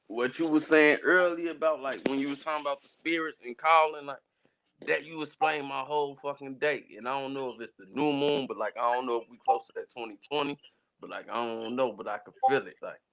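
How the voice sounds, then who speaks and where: A man with a gravelly, creaky voice chatting casually with a friend. He speaks hesitantly, leaning on filler words as he gropes for how to say things. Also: medium pitch, fairly quick, a bit bright. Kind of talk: casual chat.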